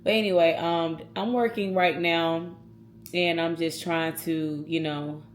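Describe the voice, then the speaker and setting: A woman talks to her viewers in a casual vlog. Her voice sits a little low, and she speaks earnestly and from the heart, addressing them directly. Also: fairly even intonation, a little slow, a little hiss or hum. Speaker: vlogger.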